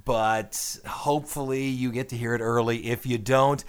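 A man's voice: mid-range voice, fairly even intonation, a little slow, clean tone. A man hosting a radio show in a studio, chatting wryly and wandering off on tangents. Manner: chatty, wry, tangent-prone. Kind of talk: casual radio chat.

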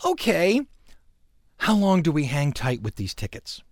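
A man's voice: fairly high pitch, sing-song, measured pace, dry recording, studio quality. A middle-aged man hosting a radio show, chatting casually and telling stories with sound effects and mock indignation. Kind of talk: casual on-air chat.

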